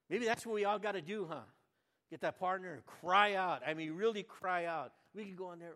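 A man's voice: a little high, animated, normal speed. Older man preaching folksy, in a reverberant hall. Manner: folksy and conversational, swinging between loud fervent outbursts and quiet musing. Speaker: Bible reader and preacher. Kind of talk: informal devotional Bible reading and reflection.

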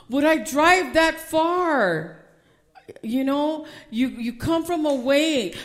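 A woman pastor delivers a heartfelt sermon. Her voice sits fairly high and climbs into loud, fervent bursts before dropping back to a quieter, reflective tone. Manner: impassioned, rising to near-shouting.

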